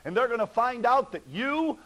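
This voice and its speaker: High-voiced man preaching a fervent sermon. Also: sing-song, moderate pace, fairly bright tone, low-quality recording. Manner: fervent, pleading preaching with rhetorical questions.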